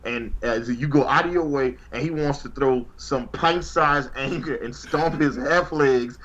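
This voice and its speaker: A man co-hosting a casual livestream talk show, telling stories in an animated way and laughing at his own jokes. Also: medium pitch, measured pace, highs cut off. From New Orleans, Louisiana. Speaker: podcast co-host.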